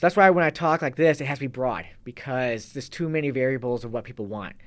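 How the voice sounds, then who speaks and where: A man's voice: medium pitch, quick pace. A man, a fitness and kettlebell coach, talking loosely as an interview guest and restarting his sentences often. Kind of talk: casual interview talk.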